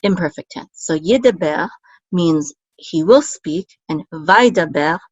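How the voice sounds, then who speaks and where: A woman's voice: lowish voice, lively intonation, a little slow, breathy edge, no room sound, muffled recording. A woman teaching a word-by-word language lesson, sounding out syllables patiently, repeating them and correcting herself. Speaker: Hebrew teacher.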